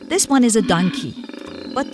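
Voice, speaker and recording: A woman's voice: a little high, moderate pace, close to an everyday voice. A young woman voicing a friendly, curious cartoon guide who coaxes a child along, talking straight to the viewer. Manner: animated, coaxing, speaks straight to the viewer. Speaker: cartoon voice actor. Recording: clear music underneath.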